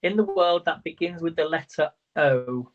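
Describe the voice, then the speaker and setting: Speaking at a normal pace in a fairly high voice, this man hosts a quiz on a livestream, chatting away, tripping over words, and counting out loud. The stream's sound is muffled and lo-fi.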